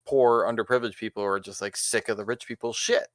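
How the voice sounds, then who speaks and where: Smooth-voiced man swearing casually on a podcast. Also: fairly low pitch, fairly even intonation, fast, no echo. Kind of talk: casual movie review chat.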